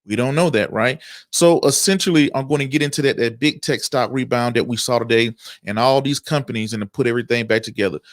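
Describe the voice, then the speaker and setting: A man's voice: mid-range voice, quick pace, dry recording, studio quality. Chatty man hosting a stock market stream. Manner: chatty, reads viewer comments aloud and greets them. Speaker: host of a stock market show. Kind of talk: casual livestream market talk.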